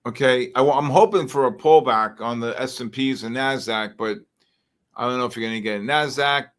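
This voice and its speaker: A man's voice: medium pitch, moderate pace. A man hosting a live futures trading stream, rambling and exclamatory as he reads charts and greets the chat. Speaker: livestream trading host. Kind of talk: live market commentary.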